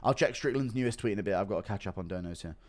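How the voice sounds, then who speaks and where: A man's voice: lowish voice, rapid-fire. A man streaming casual commentary, reading out donations and reacting bluntly, swearing often and rambling with lots of fillers. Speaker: streamer reacting to MMA news.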